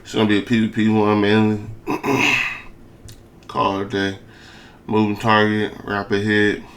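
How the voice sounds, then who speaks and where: A man's voice: fairly low pitch, flat delivery, a little slow, a bit bright, slight background noise. A young man giving hyped, slangy commentary over a game, his speech slurred with a lisp and full of repeated phrases. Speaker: gaming video creator. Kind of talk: casual commentary over gameplay.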